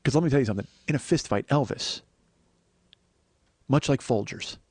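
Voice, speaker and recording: A man's voice: mid-range voice, normal speed, darkish tone, breathy edge, dry recording. A man hosting a comedy podcast, riffing through a rambling, profane monologue and cracking himself up. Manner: profane, rambling, breaks into laughter. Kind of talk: comic monologue.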